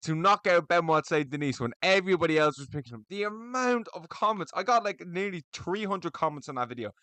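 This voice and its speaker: A man's voice: sits high, lively intonation, a little fast, pushed and bright, clear, resonant tone, no echo. A young man, ranting bluntly and profanely as the host of an opinionated video about fans of a combat sport. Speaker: MMA commentary vlogger. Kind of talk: opinionated solo rant to camera.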